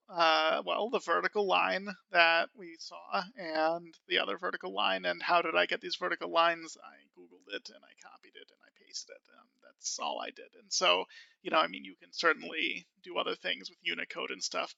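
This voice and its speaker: Gravelly bright-voiced man teaching code. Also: high-pitched, dry recording, dull audio. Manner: casual and self-amused, many fillers. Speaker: programming tutor. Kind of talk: screen-recorded coding tutorial.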